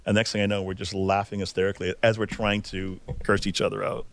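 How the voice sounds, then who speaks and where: A middle-aged man, a hockey video coach, telling animated, laughing anecdotes as a guest in a casual interview. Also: fairly low pitch, quick pace.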